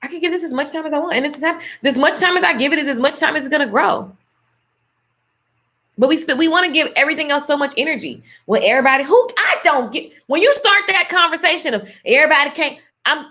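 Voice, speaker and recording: Bright, high-voiced woman preaching motivation. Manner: emphatic and preachy, with church talk and pet names like darling and baby. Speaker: motivational speaker on a live stream. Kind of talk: casual motivational talk.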